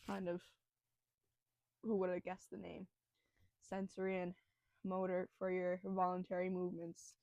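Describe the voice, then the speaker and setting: A woman's voice: medium pitch, warm tone, no echo. Young woman host, nervous and self-deprecating, rambling casual delivery, dry close sound. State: nervous, breathing heavily. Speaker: student host explaining biology. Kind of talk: casual educational podcast.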